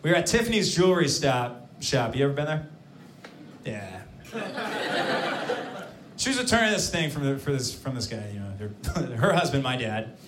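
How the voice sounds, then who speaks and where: A man's voice: mid-range voice, big pitch swings, normal speed, long pauses, echoey room. A man telling a rambling stand-up anecdote in a live comedy club. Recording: live club with crowd noise.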